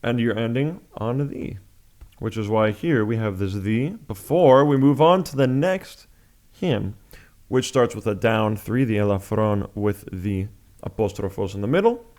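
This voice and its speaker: A man's voice: lowish voice, measured pace, a little mellow. A man teaching chant in a music lesson, explaining step by step with patient, plain talk and sung examples.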